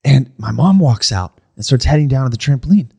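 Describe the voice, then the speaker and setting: A man's voice: medium pitch, animated, brisk, gravelly, mellow, slightly rough. A man co-hosting a comedy podcast, telling a story casually and often saying "like" and "right?". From New Jersey, USA. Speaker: podcast co-host. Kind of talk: casual chat.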